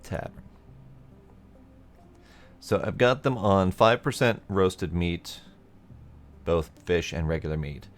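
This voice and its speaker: Low-voiced man musing over gameplay. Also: lively intonation, slow pace, long pauses, faint music behind. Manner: thinking aloud, casual, mild swearing. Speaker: gameplay commentator. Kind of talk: let's play commentary.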